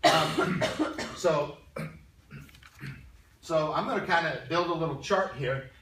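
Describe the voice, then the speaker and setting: A male math teacher lecturing a classroom in a conversational way, often clearing his throat and checking in with his students. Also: fairly high pitch, slow, a bit bright, a little hiss or hum. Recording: roomy classroom sound from a distance.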